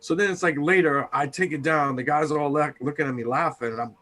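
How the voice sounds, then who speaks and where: A man's voice: on the high side, fairly even intonation, quick pace, a bit bright. A man, a chef co-hosting a podcast, telling work stories in a casual, profane way and acting out what people said. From Tampa area, United States. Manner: storytelling, swears freely, acts out quotes.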